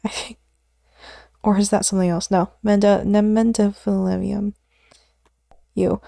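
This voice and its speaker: Streamer woman, slow and mellow, quietly mutters and whispers while studying, close dry mic. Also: medium pitch, little pitch movement, gravelly, no echo. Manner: muttering element names to herself, often dropping to a whisper; self-deprecating, laughs at her own slips. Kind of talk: casual study stream chatter.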